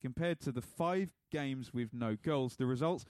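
A man's voice: medium pitch, moderate pace, a little mellow, dry recording. Man joking on a podcast, dry sound. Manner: jokey, laughs often, reads out listener messages. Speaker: podcast co-host. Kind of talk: casual chat.

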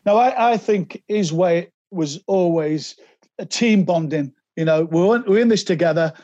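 A man, a podcast guest telling animated anecdotes and slipping into quoted voices. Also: high-pitched, a little slow, dry recording, lo-fi sound. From England. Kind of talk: anecdotal interview storytelling.

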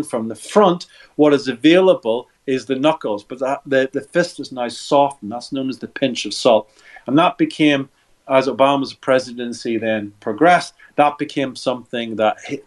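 Middle aged guy, body language expert, walks you through it step by step, restarts a lot, normal mid pitch. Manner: instructive, walks listener through hand gestures step by step; repeats words when restarting sentences. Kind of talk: explanatory interview answers.

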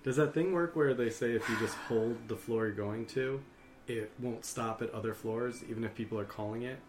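A woman from Maryland co-hosting a podcast, chatting casually and thinking out loud with some hesitation. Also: very deep voice, normal speed, background noise. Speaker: podcast co-host. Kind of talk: casual studio chat. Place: studio.

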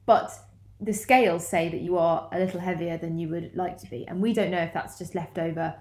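A woman's voice: lowish voice, fairly even intonation, a little fast, a little mellow. A playful, chatty woman in casual conversation. Her voice has a roomy echo around it. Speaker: podcast co-host. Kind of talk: casual chat.

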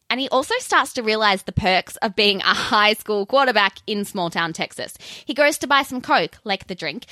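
A woman's voice: fairly high pitch, bright, forceful tone, no room sound, studio quality. A young Australian woman hosting a podcast, chatting casually with sweary, sarcastic asides. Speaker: podcast host. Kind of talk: casual ranting podcast monologue.

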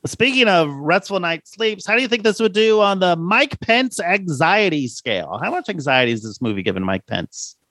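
A chatty man with a fairly high voice that swoops up and down as he talks. He hosts a casual film-review chat, laughing often and filling his sentences with "like." The sound is dry and close. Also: big pitch swings, normal speed, few pauses, fairly bright tone, dry recording. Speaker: podcast host.

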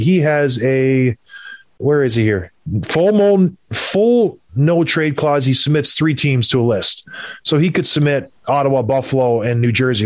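A man hosting a casual sports podcast, opinionated and rambling, with quick asides. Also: mid-range voice, no room sound. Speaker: podcast host.

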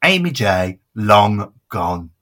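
Brief: young male podcast co-host, bright tone, lively pitch, giggles a lot. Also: takes it slowly. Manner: giggly, trails off quietly. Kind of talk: casual chat.

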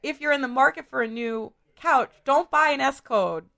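Hoarse chatty woman. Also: sits high, moderate pace, pushed and bright. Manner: chatty, filler-heavy, laughs often. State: hoarse from a cold. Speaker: podcast host. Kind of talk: casual chat.

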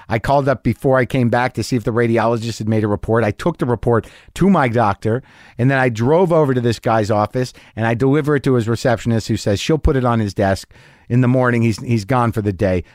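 A man's voice: medium pitch, dry recording, studio quality. A middle-aged man hosting a podcast, telling a long story in an anxious, self-mocking way. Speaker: podcast host. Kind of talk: monologue.

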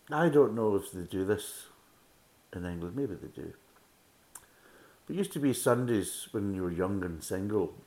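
A man's voice: on the low side, a little mellow. A middle-aged man giving a casual, rambling beer review with chatty asides. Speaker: beer reviewer, podcast host. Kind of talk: casual tasting review and chat.

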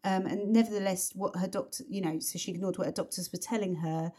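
A woman co-hosting a podcast in a relaxed, rambling way. She talks at a middling pitch, leaning on fillers and restarting her sentences as she goes. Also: quick pace. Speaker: podcast co-host. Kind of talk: casual chat about a song.

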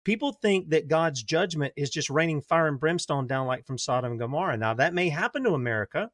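A man's voice: on the high side, expressive, a little fast, fairly bright tone, dry recording, studio quality. A man hosting a talk radio show, speaking conversationally and emphatically, often restarting his sentences. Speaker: radio host.

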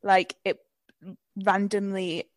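A woman's voice: mid-range voice, flat delivery, takes it slowly, dry recording. A British woman co-hosting a podcast, telling casual stories with frequent giggles and some swearing. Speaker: podcast co-host.

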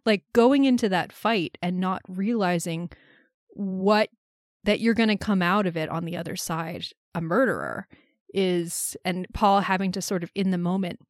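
A woman's voice: on the low side, normal speed, no room sound, clean studio sound. A woman co-hosting a podcast, talking through a film in a reflective, analytical way. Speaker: podcast co-host. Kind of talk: casual film discussion.

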